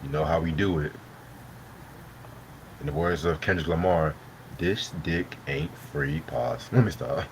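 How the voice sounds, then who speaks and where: A man's voice: rumbling low, normal speed, long pauses, slight background noise. A man hosting a live stream, chatting loosely with lots of swearing and laughter while he eats dinner. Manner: loose, profane, laughing banter. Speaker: host. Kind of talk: casual live-stream chat.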